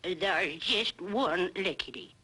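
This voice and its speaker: A woman's voice: on the low side, pushed and bright, slightly rough, exaggerated voice. A woman playing a naive young hillbilly woman with an Ozarks twang in an old radio comedy. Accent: American Ozarks hillbilly. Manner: folksy, slow and naive. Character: simple, plain-spoken young hillbilly woman.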